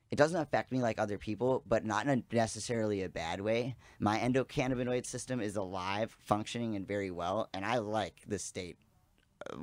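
A man in his thirties, a podcast guest, telling a rambling, animated story in casual chat and swearing freely. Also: medium pitch, dry recording.

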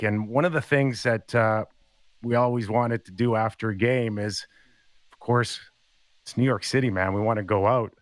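A man's voice: on the low side, no room sound. Ex hockey guy in his 50s spinning stories, dry close sound, acts out the quotes. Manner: animated storyteller acting out quotes. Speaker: former hockey player guest. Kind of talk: casual storytelling chat.

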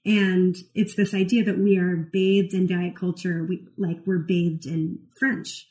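A woman's voice: lowish voice, level tone, a little slow, a little mellow, low-quality recording. A woman who counsels clients, co-hosting a casual chat and explaining ideas animatedly, with many "like"s and "you know"s. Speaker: therapist and podcast co-host.

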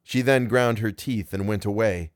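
A man reading a classic tale aloud as podcast narrator, in a measured storytelling manner. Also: lowish voice, no room sound, studio quality.

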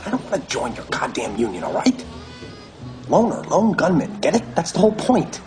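A man's voice: on the high side, sing-song, normal speed, over music. An actor playing a cocky, brash lone hitman in film dialogue. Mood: scornful. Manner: brash, scornful.

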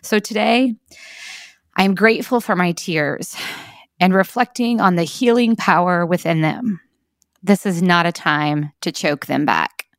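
A woman in her forties hosting a daily encouragement talk, speaking gently and earnestly, with easy laughs. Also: lowish voice, unhurried, no echo, studio quality. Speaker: podcast host.

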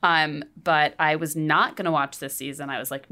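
A woman with a low voice chats on a podcast, loose and rambling. She swears freely and leans on "like" as filler. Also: fairly even intonation, moderate pace, hardly any pauses, bright, forceful tone. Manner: chatty, profane, lots of filler "like". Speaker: podcast co-host. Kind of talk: casual chat.

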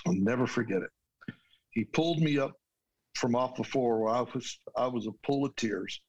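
A man tells a personal story as a guest. His voice sits at an ordinary middle pitch. He speaks earnestly and from the heart, often restarting his sentences. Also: moderate pace, darkish tone, dull audio. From United States.

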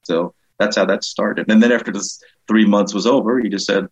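A middle-aged man, a comedian being interviewed, telling lively anecdotes and jumping up in pitch to mimic the people he quotes. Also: normal speed, breathy edge. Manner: animated anecdotes, jumps high to act out quoted people. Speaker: comedian and author, guest. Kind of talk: casual storytelling interview. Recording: dull lo-fi sound.

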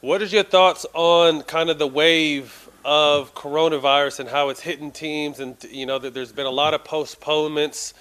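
Halting, higher-voiced podcast host. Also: male voice, steady tone, a bit bright, smooth. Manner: halting, repeats words while asking questions. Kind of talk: casual interview.

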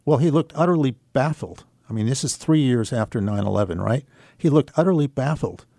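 A man speaking as a guest on a radio show, telling a personal story in an earnest, reflective way, unhurried and with fillers. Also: medium pitch, lively intonation, gravelly, mellow, no echo, studio quality.

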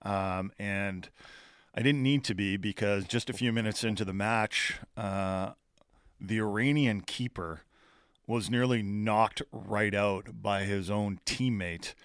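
A man's voice: on the low side, fairly even intonation, slow, smooth, no room sound. A man co-hosting a morning sports radio show, chatting through match news in a studio. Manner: conversational, explains match news with fillers.

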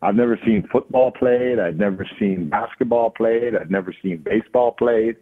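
A man with a Jamaican accent, a guest in a casual interview, telling stories in a relaxed way with many fillers. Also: fairly low pitch, normal speed. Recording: phone-line audio.

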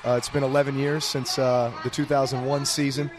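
A man's voice: mid-range voice, little pitch movement, brisk. A man, a professional football player, answering earnestly in a casual interview on an outdoor set, with frequent fillers. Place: outdoor event stage set.

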